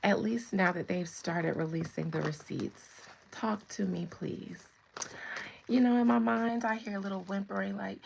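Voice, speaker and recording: A woman in her thirties with a gravelly, fry-tinged voice, chatting through a tarot reading on a livestream. She talks to her viewers and the spirits alike and breaks into laughter often. A faint hiss sits under her voice. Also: medium pitch, moderate pace, poor audio. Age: 30s. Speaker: tarot reader. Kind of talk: casual livestream chat.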